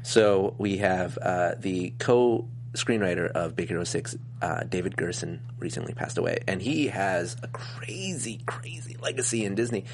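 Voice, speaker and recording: A man's voice: low-pitched, animated, normal speed, a little hiss or hum. A man hosting a casual podcast chat, rambling and cracking dad jokes. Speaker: podcast host.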